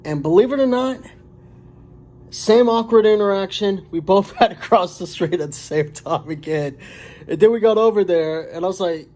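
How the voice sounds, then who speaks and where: A man's voice: sits high, darkish tone. Rambling forty-year-old man telling stories. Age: 40s. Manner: rambling, halting, many fillers and restarts. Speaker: vlogger. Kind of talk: casual storytelling to camera.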